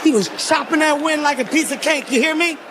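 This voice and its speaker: Male comic in his forties, very high voice, loud animated storytelling on stage, faint hiss behind. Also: fairly quick, crowd noise. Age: 40s. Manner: animated, profane, often shouting and laughing. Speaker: stand-up comedian. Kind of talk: stand-up storytelling. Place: live comedy stage before a crowd.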